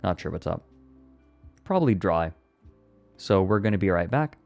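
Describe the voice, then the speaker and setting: Man, casual stream host, slightly irritated throat, lively up-and-down voice. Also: sits low, vocal fry, soft background music. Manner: animated, chatty, quick to laugh. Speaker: streamer reviewing viewer submissions. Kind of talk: casual live-stream chat.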